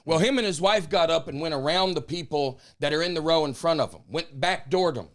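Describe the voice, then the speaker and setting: A man who is a stand-up comedian, telling a story as a podcast guest with a regional accent. He acts out the quoted lines with big jumps in pitch and volume, and his tone comes across as aggressive. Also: a little fast. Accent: regional accent of his own. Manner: calls his own tone aggressive. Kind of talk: animated comic storytelling.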